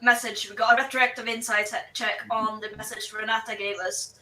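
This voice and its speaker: A woman playing in a tabletop game, explaining her character's view in a measured way. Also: mid-range voice, level tone, sharp tone. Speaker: player. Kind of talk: tabletop role-play. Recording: roomy distant mic with faint noise.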